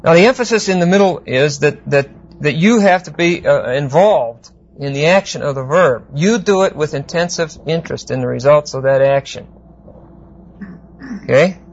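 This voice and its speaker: A man teaching a Bible exegesis class, unhurried and explanatory, often pausing to check that listeners follow. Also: on the high side, lively intonation. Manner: unhurried, explanatory, with frequent fillers and check-ins. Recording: dull lo-fi lecture recording.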